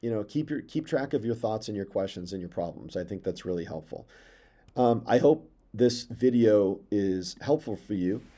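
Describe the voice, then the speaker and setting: A male teacher giving an enthusiastic lecture on a poem and reading lines of verse aloud slowly. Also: fairly low pitch, expressive, dark tone.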